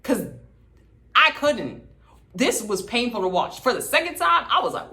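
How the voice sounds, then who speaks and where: A woman's voice: high voice, sing-song, normal speed, sharp tone. A woman hosting a casual TV recap, talking in a sassy, gossipy, dramatic way. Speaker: host.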